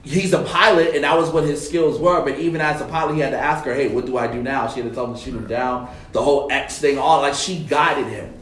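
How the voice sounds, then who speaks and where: A man's voice: on the high side, fast talker, hardly any pauses, distant mic, a little hiss or hum. Roomy, off-mic casual male host. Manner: relaxed storytelling, many fillers, acts out quotes. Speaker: podcast host. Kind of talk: casual panel chat. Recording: roomy echo, voice heard from off the mic.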